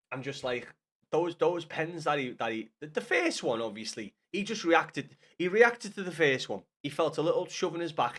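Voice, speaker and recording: A man's voice: medium pitch, a bit bright. A young man with a Scouse accent chatting casually about football on a live stream, rambling, swearing and addressing viewers by name. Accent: Liverpool Scouse.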